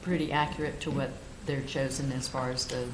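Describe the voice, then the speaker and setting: A woman on a county board, quietly asking questions during a meeting. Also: extremely low pitch, little pitch movement, a little fast. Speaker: board member. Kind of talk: meeting discussion. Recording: echoey room with background noise.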